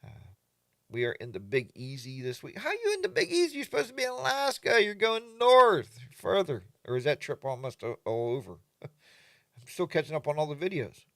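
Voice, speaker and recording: An older man hosting a relaxed live chat, reading viewer comments and mimicking other riders in exaggerated voices. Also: fairly high pitch, brisk, gravelly, no room sound, clean studio sound. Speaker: livestream host.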